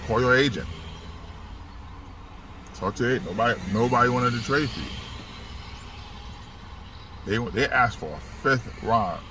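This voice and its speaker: A man giving casual sports commentary outdoors, animated and repetitive, acting out the quoted dialogue in his story. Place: outdoors by a street. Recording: loud street traffic noise. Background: traffic and car rumble.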